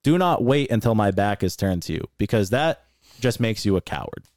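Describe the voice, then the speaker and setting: Male podcast co-host, heated profane storyteller, lively pitch, dry sound. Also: normal speed, no echo. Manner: angry, profane, animated storytelling. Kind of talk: casual storytelling rant.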